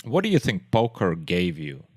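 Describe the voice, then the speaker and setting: A man hosting a podcast, asking brief questions in an unhurried way. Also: sits low, huge pitch swings. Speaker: podcast host. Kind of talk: interview questions.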